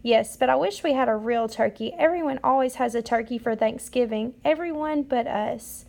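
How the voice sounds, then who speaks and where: A woman voicing a warm, hospitable female moose in a storybook reading, sweet and welcoming. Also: a little high, moderate pace, vocal fry. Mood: wistful.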